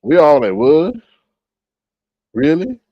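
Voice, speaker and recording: A man's voice: on the high side, big pitch swings, takes it slowly, no echo, lo-fi sound. A man telling a story in casual commentary, gossipy, with dramatic exclamations. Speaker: commentary vlogger.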